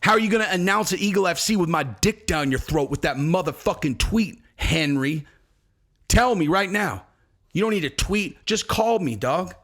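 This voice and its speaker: A man's voice: high voice, lively intonation, moderate pace, a bit bright, exaggerated voice. A man playing a drunk, cocky male fighter, talking profane trash in a swaggering way. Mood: boastful. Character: drunk, cocky male fighter boasting about his tweets.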